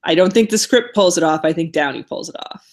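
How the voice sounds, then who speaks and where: A woman co-hosting a casual podcast, opinionated and lively in her comments on films and comics, over a remote call. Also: on the low side, a little fast. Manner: opinionated, animated when quoting characters. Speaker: podcast co-host. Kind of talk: casual chat about comics and film.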